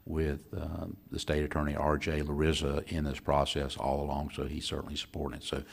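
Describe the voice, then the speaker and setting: Man, extremely low voice, monotone, measured official report, frequent pauses. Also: creaky, slightly rough. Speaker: county official. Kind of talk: meeting report.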